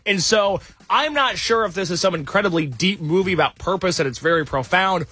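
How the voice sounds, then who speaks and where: High lively guy talking movies, kinda husky, wry and fed up, dry mic. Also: a little fast, no room sound. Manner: animated, wry and exasperated. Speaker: podcast co-host reviewing a movie. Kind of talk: casual chat.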